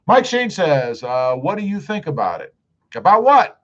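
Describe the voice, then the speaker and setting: A man's voice: fairly high pitch, sing-song, normal speed. A man hosting a casual live stream, reading viewer comments aloud in an easygoing, drawling way with lots of "uh" fillers. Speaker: YouTube live-stream host. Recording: dull lo-fi stream audio.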